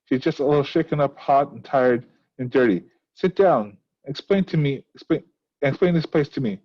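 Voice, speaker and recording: A man reading aloud the lines of a vain, nervous older Southern woman from a script, in a rushed, flat way. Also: medium pitch, dull audio, lightly acted.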